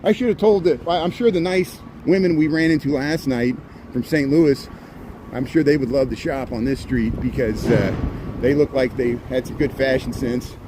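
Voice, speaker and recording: Walking through the city with his phone in hand, a vlogger of medium pitch and moderate pace keeps up rambling, chatty live-stream commentary. He adds sarcastic asides as traffic passes and street noise hums around him.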